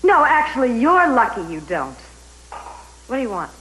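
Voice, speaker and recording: A woman's voice: on the high side, very animated, moderate pace, a bit bright, echoey room, low-quality recording. A cold, contemptuous woman. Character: proud woman facing down a hated rival. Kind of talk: soap opera acting.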